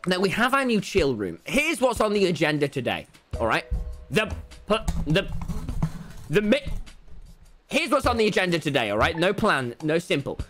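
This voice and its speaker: A young man streaming a game live, talking loudly and excitably to his chat in a brash, boastful way. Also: sits high, moderate pace, long pauses, soft background music. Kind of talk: livestream gaming commentary.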